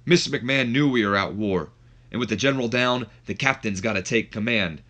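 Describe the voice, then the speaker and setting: A man's voice: mid-range voice, brisk, fairly bright tone, lightly acted. A man putting on a cocky male wrestler who mocks his rival and talks about himself in the third person. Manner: boastful, mocking, refers to himself in third person. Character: cocky trash-talking male wrestler, brash showman.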